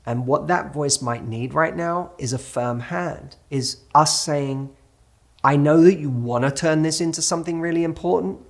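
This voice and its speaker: A man in his thirties, a dating coach, giving an earnest motivational talk straight to the listener and now and then acting out an inner dialogue. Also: mid-range voice.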